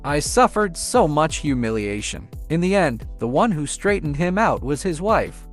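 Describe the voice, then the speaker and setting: A man voicing a proud, grumpy old male elder dragon who is also a father, in a gruff, indignant way. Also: on the high side, big pitch swings, moderate pace, faint music behind. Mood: tearful.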